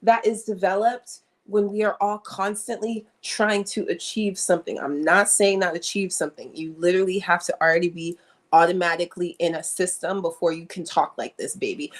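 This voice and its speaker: A young woman chatting frankly and animatedly to viewers on a livestream, often repeating herself for emphasis. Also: medium pitch. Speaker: livestream host. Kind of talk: casual livestream chat. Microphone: streaming setup.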